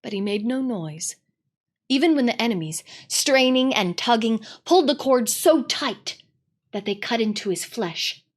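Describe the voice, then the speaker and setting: A woman narrating a storybook read-aloud in an expressive, dramatic way. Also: fairly high pitch, a little slow.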